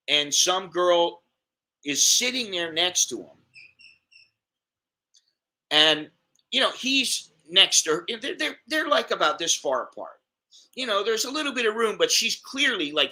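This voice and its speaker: Man, American accent, middle-aged, casual vlog storytelling, rambling, slightly high voice. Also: sharp tone. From United States. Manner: rambling, repeats words, acts out quoted voices. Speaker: expat vlogger.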